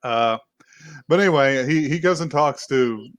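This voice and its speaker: A man's voice: mid-range voice, unhurried, no echo. Laughing man retelling an anime plot. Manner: rambling, laughing, acts out quotes. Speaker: podcast co-host. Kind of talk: casual anime recap chat.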